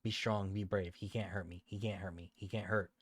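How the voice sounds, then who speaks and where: A man voicing a withdrawn, hurt young girl who speaks in a quiet, despairing way, in his own low voice. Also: steady tone, brisk, dry recording, studio quality.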